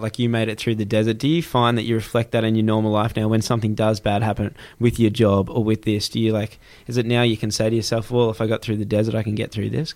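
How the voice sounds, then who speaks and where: A young adult man, hosting a casual chat and acting out quotes as he tells stories. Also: on the low side. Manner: animated storyteller who acts out quotes.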